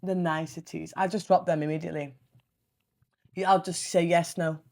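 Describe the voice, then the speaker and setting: A young woman, hosting a casual solo podcast, blunt and animated, swearing freely as she tells stories. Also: lowish voice, moderate pace, vocal fry. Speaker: podcast host.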